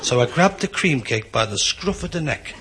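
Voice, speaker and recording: Comic over a laughing club crowd. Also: male voice, mid-range voice, expressive, normal speed. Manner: confiding, rueful storytelling. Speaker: comedian. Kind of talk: stand-up anecdote. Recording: live club with audience laughter.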